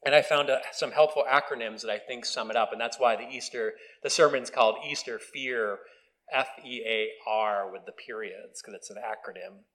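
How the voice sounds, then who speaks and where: A man preaching a relaxed, conversational sermon on video. He talks at a middle pitch, mixes in wry asides, and often restarts his sentences. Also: normal speed, rough recording. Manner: conversational, self-deprecating, with restarts. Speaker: pastor. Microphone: video recording.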